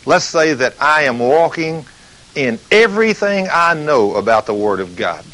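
A man's voice: fairly high pitch, sing-song, measured pace, bright, forceful tone, rough recording. Dramatic male preacher. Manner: dramatic, acts out the scenes and voices he quotes; asks rhetorical questions. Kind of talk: sermon. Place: studio recording between breaks.

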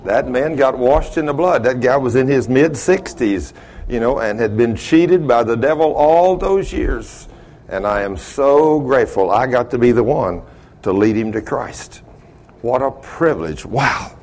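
A man preaching a sermon in a folksy storytelling way, laughing at his own stories and swinging between loud and hushed. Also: mid-range voice, expressive, a little slow, a little hiss or hum.

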